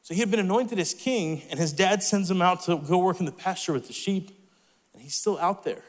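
High-voiced young man preaching in a hall. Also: brisk. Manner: conversational, animated storytelling with fillers and restarts. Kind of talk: sermon. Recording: long hall reverb.

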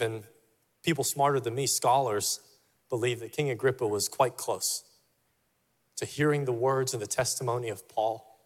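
A man's voice: mid-range voice, long reverb tail. A male pastor preaching a sermon in a church, emphatic and repeating his key phrases for weight. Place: church sanctuary.

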